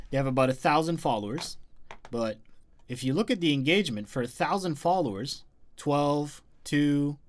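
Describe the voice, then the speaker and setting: A man hosting a live marketing session, talking emphatically and repeating his key points with big swings in loudness. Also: medium pitch. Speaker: host.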